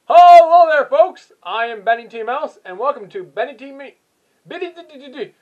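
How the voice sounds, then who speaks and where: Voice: sits high, lively intonation, moderate pace, narrow, tinny audio, pitched above the performer's own voice. Perky cartoon mouse game-show host, as a puppeteer puts him on. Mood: upbeat. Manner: bouncy, upbeat, emcee-style. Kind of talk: puppet blooper reel.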